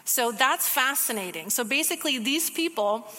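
A woman giving a casual, conversational sermon, teaching from a book of the Bible with quick asides. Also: high voice, expressive, pushed and bright, big-room sound.

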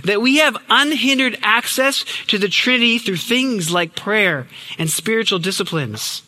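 Earnest and expressive at a moderate pace, a young man preaches in a fairly high, very bright, forceful voice. He drops key words low and quiet, and a long hall reverb lingers after him.

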